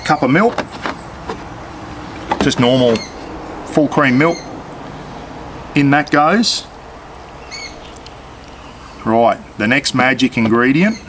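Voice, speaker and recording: A man's voice: mid-range voice, animated, slow, pauses often, fairly bright tone, a little hiss or hum, poor audio. Chatty Australian man cooking outdoors. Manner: chatty, talks straight to viewers. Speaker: cooking channel host. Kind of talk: casual cooking demonstration.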